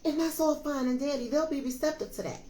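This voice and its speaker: A woman in her fifties with a high, dark-toned voice speaks at a quick pace while giving a casual tarot reading straight to her viewers. She is emphatic and preachy, calling her audience "y'all," and the room echoes with faint music behind her.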